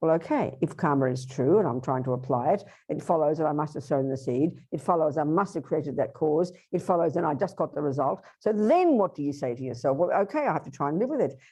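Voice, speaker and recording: Mellow-voiced woman teaching a workshop. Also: low voice, a little fast, few pauses. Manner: lively, acts out inner voices and asks the audience questions. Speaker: Buddhist teacher.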